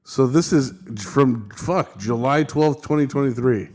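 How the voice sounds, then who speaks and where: Young man, podcast co-host, unhurried delivery, casual swearing banter. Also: mid-range voice, a little mellow. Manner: laid-back, swears a lot, says "dude". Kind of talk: casual chat.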